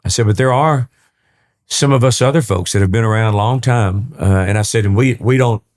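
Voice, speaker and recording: This East Texas country singer in his sixties, with a Texan accent, guests on a podcast and spins folksy stories, often repeating words. His voice is fairly low and darkish, and he speaks briskly.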